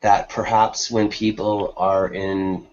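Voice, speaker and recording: A man asking measured questions in a casual online discussion. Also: on the low side, flat delivery, darkish tone, dull audio. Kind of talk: casual online debate chat.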